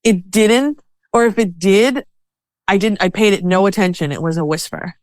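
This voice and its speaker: A woman talking as a podcast guest about self-care, animated, sometimes acting out voices in her head as quotes. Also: mid-range voice, moderate pace, no room sound. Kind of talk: conversational interview.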